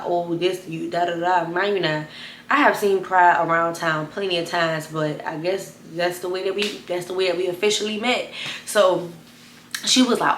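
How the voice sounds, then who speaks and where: A young woman telling a wild personal story to camera, animated and chatty, talking straight to her viewers. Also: echoey room, slight background noise. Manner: animated, addresses viewers as y'all, bursts of high excited retelling. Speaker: storytime vlogger.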